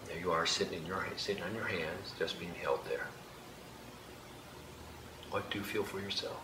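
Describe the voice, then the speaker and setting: Low-voiced man guiding a group, echoey room. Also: steady tone. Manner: slow, gentle instructions with light laughter. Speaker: workshop leader. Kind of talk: guided group exercise. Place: hall with an audience. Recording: echoey room, background noise.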